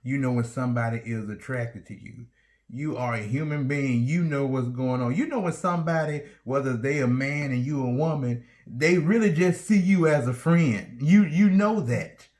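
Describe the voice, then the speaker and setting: A man's voice: mid-range voice, normal speed, a little mellow. A man co-hosting a casual chat, earnest and conversational, repeating points for emphasis. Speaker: co-host.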